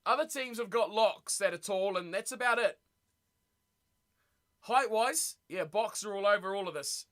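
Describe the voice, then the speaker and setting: A man hosting a live watch party stream, reacting excitedly to a rugby match and chatting with viewers. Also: sits high, moderate pace. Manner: excitable, chatty, reads viewer messages aloud.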